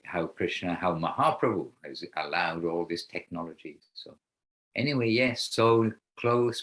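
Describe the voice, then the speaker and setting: A man leading an online spiritual class over a video call, talking in a rambling, halting way with frequent restarts. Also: low voice, a bit bright, low-quality recording.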